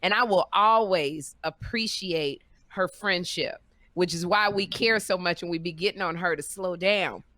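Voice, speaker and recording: A middle-aged woman co-hosting a podcast, speaking. Her voice is bright and forceful, and it sounds close and dry. She tells stories animatedly and acts out quoted voices. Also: lowish voice, moderate pace, no echo. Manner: lively storyteller, acts out quoted voices, laughs loudly. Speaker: podcast co-host and comedian. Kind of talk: casual chat, animated storytelling.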